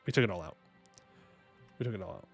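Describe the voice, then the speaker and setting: A man with a deep, slightly rough voice full of vocal fry talks fast and animatedly while streaming a strategy game. He chats casually and jokes with his chat, humming little fanfares as he plays; the recording is dry with faint music behind him.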